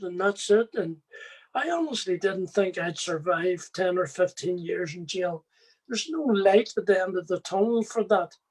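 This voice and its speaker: A man's voice: high-pitched, low-quality recording. A middle-aged man from Ireland, telling his own life story as an earnest testimony and speaking straight to his listeners. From Northern Ireland. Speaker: former prisoner giving testimony.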